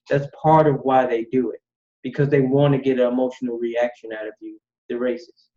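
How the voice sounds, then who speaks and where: A man's voice: mid-range voice, warm tone, muffled recording. Blunt man giving casual commentary. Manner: blunt, dismissive. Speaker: commentary host.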